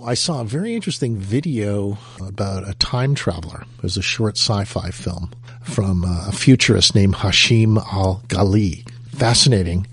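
A man's voice: on the low side, expressive, moderate pace, slightly rough. A man hosting a show, chatting casually and introducing segments. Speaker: show host. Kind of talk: casual chat.

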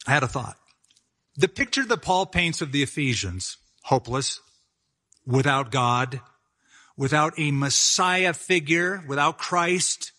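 A man's voice: on the high side, sharp tone. A male pastor preaching an expository sermon in a conversational way, with self-deprecating asides.

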